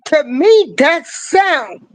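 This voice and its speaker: Older woman commentator, slangy, drawn-out rant, animated pitch. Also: no room sound, poor audio. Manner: emphatic, hammering repeated rhetorical questions; slangy, swings between rising cries and low asides. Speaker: online commentator. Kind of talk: ranting political commentary.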